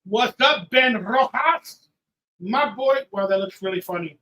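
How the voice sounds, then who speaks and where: A tipsy man hosting a live watch-party stream, ranting and swearing, swinging from loud outbursts to low mutters. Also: moderate pace, low-quality recording. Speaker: livestream host. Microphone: headphones with mic.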